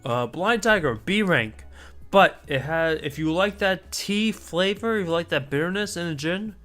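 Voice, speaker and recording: A man's voice: high-pitched, expressive, normal speed, fairly bright tone, soft background music. Chatty, rambling man streamer. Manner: rambling, chatty, with asides and mild swearing. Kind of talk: casual live-stream chat.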